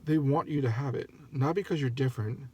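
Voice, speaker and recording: A man voicing a grieving middle-aged father, speaking gently and regretfully in a soft, earnest tone. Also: mid-range voice, fast talker, husky, natural voice.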